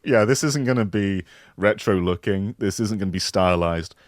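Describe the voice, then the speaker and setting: A man co-hosting a podcast, playfully improvising a mock game pitch in casual chat. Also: no room sound, studio quality. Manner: playful, joking improv pitch with quick voice switches.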